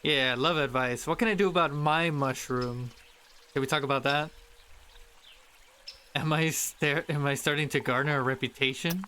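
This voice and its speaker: A man's voice: a little high, fairly even intonation, normal speed, long pauses, sharp tone, a little hiss or hum. Playful man streaming a game. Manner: playful, reads game text aloud. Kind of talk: casual gameplay commentary. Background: game music.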